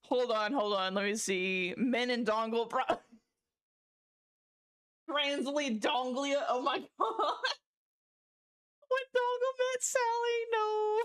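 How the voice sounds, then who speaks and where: A woman livestreamer with a high voice talks at an unhurried pace in casual chat. She keeps giggling while reading chat jokes aloud and answers them with short exclaimed protests. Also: a bit bright, smooth.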